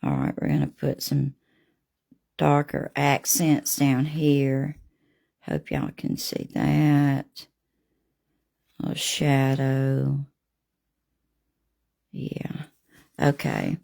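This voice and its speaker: A woman with a drawl talks viewers through a live painting, homey and gushing. Her voice sits low and takes its time, with a gravelly edge to it. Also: lively intonation, drawn-out words, long pauses, darkish tone. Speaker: artist hosting a live painting session. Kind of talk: casual live painting demo with viewer chat.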